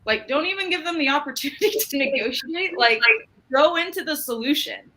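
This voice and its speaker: A woman from Utah, giving a business training talk and acting out an animated story with quoted dialogue. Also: high-pitched, a little fast, poor audio.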